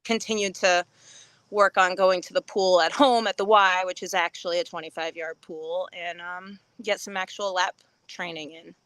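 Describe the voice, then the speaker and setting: A woman's voice: fairly low pitch, steady tone, moderate pace, a bit bright, clear, resonant tone, dry recording. A woman chatting casually on a podcast, telling a funny story and acting out quotes with big jumps in her voice and frequent laughs. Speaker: podcast guest.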